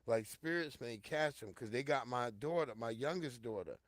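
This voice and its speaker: A middle-aged man hosting a show, telling a personal story in a casual, profane monologue, talking straight to his listeners and swinging from loud outbursts to hushed low tones. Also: animated, moderate pace, dry recording, studio quality. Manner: addresses listeners directly and repeatedly.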